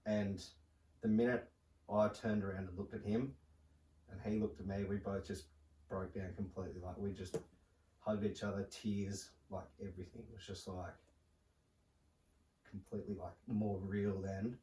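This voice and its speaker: Soft-spoken young man, halting. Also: sits low, level tone. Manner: halting, soft-spoken storytelling with many fillers. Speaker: podcast guest. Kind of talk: casual podcast conversation. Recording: roomy, distant mic with faint noise.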